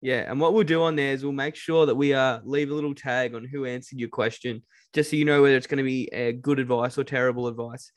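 A man's voice: medium pitch, fairly even intonation, fast, hardly any pauses, no room sound. A man, chatting easygoingly on a podcast and poking fun at himself. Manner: easygoing, self-mocking. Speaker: podcast co-host. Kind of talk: casual chat.

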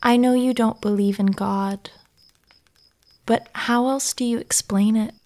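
A woman's voice: a little high, fairly even intonation, a little slow. A woman playing a tender, adoring girlfriend. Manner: soft, tender, gently teasing. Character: adoring, affectionate young girlfriend. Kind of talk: audio drama acting.

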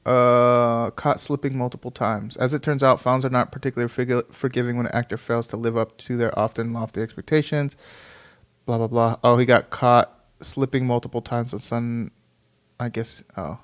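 Brief A man in a medium-pitched voice, neither high nor low, talks his way through an article in a loose, unscripted reaction. He reads a line, then riffs on it with restarts, swearing and offhand asides. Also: steady tone, moderate pace. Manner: rambling, profane, reads aloud then reacts. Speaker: commentator reading an article. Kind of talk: casual reaction commentary.

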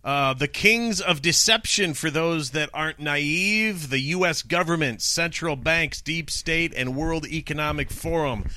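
A man co-hosting a talk podcast, joking with his partner, plugging the show and reading a Bible passage slowly. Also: a little high, pushed and bright, no echo. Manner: jokey, plugs the show, reads verses slowly. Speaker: podcast co-host. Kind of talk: casual chat and scripture reading.

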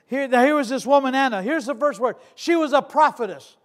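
Older guy pastor, real high voice, preaching, loud bits then quiet storytelling with jokes. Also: a little fast, hardly any pauses. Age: 60s. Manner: emphatic, swings from loud declarations to hushed storytelling; conversational with asides and humor. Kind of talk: sermon.

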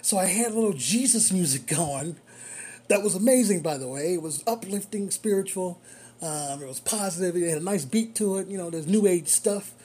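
A man, a rideshare driver, tells a story from his shift in a loose, casual way. He is animated and breaks into chuckles often, and his voice has a mellow, warm tone. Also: high voice, normal speed, husky.

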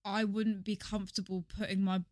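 A woman's voice: mid-range voice, level tone, brisk, a little mellow, dry recording, studio quality. A young woman co-hosting a casual podcast, teasing and laughing as she chats candidly. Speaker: podcast co-host.

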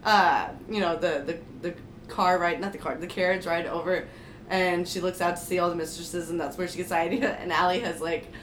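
A woman's voice: fairly low pitch, steady tone, brisk. A young adult woman co-hosting a podcast, talking emphatically in a casual chat with lots of fillers. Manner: chatty, emphatic, many fillers. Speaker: podcast co-host. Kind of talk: casual chat about a book. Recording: roomy echo, faint hiss.

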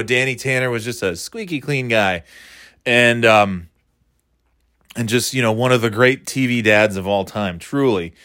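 A man, talking in a rambling, profane, animated way, dropping into quick impressions. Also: mid-range voice, dry recording, clean studio sound. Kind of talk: casual comedic monologue.

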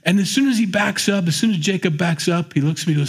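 A man's voice: high-pitched, fast talker, breathy edge. A man teaching the Bible in a conversational, joking way, acting out the scenes as he goes. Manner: animated, joking storyteller who acts out the scenes.

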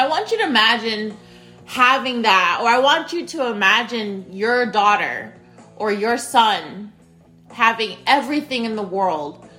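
Bright-voiced chatty woman podcaster. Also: fairly high pitch. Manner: chatty, repeats phrases, talks straight to listeners as "you guys". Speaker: podcast host. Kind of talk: casual solo podcast monologue. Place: spare bedroom at home.

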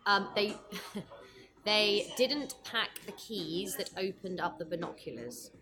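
A woman guest chatting over lunch in a restaurant, quick and self-deprecating, with many fillers. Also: medium pitch. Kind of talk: casual chat over lunch. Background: background music.

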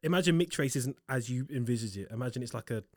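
A man's voice: mid-range voice, fast, no echo, clean studio sound. A man, arguing animatedly and laughing in a casual podcast chat. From Liverpool, England. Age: 20s. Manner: animated, argumentative, laughing, London-style slang. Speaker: podcast co-host.

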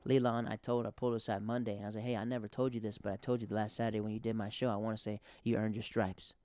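A man's voice: on the low side, little pitch movement, rapid-fire, a little mellow, clean tone, no echo. A young man hosting a podcast, a stand-up comic telling stories in a rambling, conversational way. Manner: rambling, conversational, filler-heavy. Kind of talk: casual monologue.

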